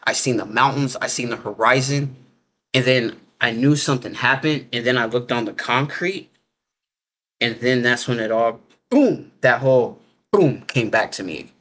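A man's voice: medium pitch, normal speed, fairly bright tone. A man telling his story in a loose, casual way, full of filler words and informal grammar. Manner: rambling, heavy use of filler 'like'. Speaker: interview guest.

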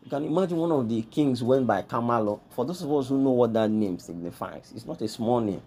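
A man's voice: mid-range voice, lively intonation, a little fast, warm tone, a little hiss or hum. A man, hosting a history lesson, walking through a pictured list and repeating each name with emphasis. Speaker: history channel host. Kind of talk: explaining pictured lists of names.

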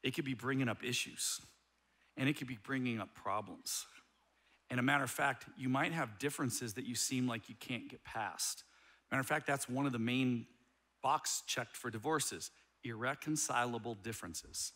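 A middle-aged man preaching a sermon as a pastor, telling a story with animated humor. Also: medium pitch, normal speed.

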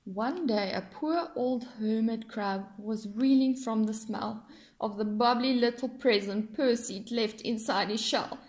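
A woman reading a rhyming children's picture book aloud in an expressive, sing-song way. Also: on the high side, a little slow. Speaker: storyteller.

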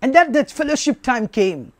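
A man's voice: very high voice, sing-song, moderate pace, dry recording, studio quality. A man preaching a sermon, emphatic and repetitive, asking rhetorical questions.

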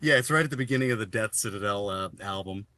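A man's voice: on the low side, fast talker, pushed and bright, dry recording. A man hosting a podcast, asking his guest questions in an easygoing, rambling way with many uhs. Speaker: podcast host. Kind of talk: casual chat.

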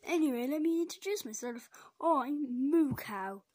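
A woman's voice: high-pitched, animated, normal speed, background noise. A woman voicing a cheerful, boastful cow who pushes his way in as a houseguest.

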